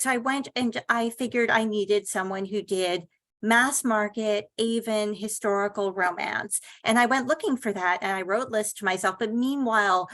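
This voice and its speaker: A middle-aged woman novelist on a panel, telling a lively anecdote about her career. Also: mid-range voice, moderate pace. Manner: animated anecdotal storytelling. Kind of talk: panel discussion storytelling.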